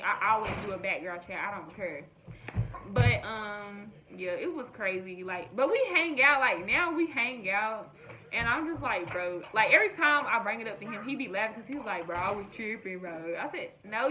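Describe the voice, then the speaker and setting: A woman's voice: mid-range voice, sharp tone, low-quality recording. A young woman vlogger in a casual storytime, chatting animatedly and acting out quoted dialogue.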